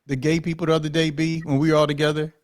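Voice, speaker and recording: A man, a guest on a live talk show, chatting lively and laughing with the hosts. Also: on the high side, rapid-fire, dry recording, studio quality. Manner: lively, laughing, repeats himself. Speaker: comedian guest. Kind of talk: casual talk show chat.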